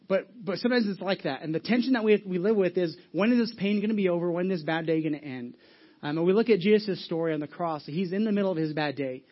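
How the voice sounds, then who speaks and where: A pastor delivers his sermon in a loose storytelling way, often stopping and restarting his sentences. His voice sits a bit high for a man. The church recording is dull and lo-fi. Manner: storytelling, casual, many restarts and asides.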